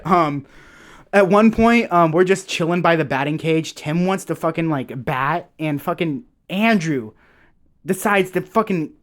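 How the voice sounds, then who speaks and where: Rambling, foul-mouthed young man. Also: on the high side. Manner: rambling, swears a lot, tags lines with "okay?". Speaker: storyteller. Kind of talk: casual storytime monologue.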